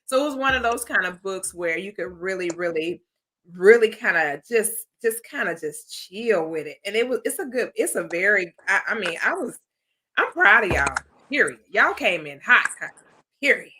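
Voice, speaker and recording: A woman's voice: mid-range voice, sing-song, moderate pace, noisy background. A woman hosting a livestream with a sassy, exuberant manner, full of slang and laughter. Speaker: host of an author celebration livestream. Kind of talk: casual chat. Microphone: streaming mic.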